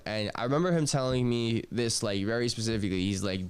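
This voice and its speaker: A man's voice: lowish voice, quick pace, hardly any pauses, clean tone. A young man hosting a podcast, telling a personal story in a loose, slangy way, swearing, trailing off and restarting. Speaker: podcast host.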